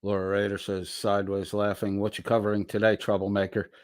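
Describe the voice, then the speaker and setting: This middle-aged livestream host reads his chat and answers it with loose, cursing banter, delivered in a slow drawl. He speaks in a lowish monotone, captured with studio quality and no echo.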